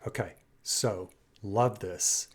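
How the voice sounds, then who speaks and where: Speaking slowly in a lowish, slightly rough voice, another music reaction host analyzes a singer's performance. His commentary is admiring and enthusiastic but rambles, with frequent restarts.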